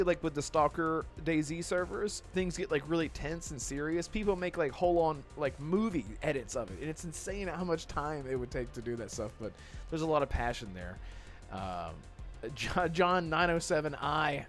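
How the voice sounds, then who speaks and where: A man with a fairly high voice hosts a casual gaming podcast, talking in loose, rambling stretches with plenty of restarts. Faint music runs quietly behind him. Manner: rambling, with restarts and chat shout-outs. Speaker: podcast host.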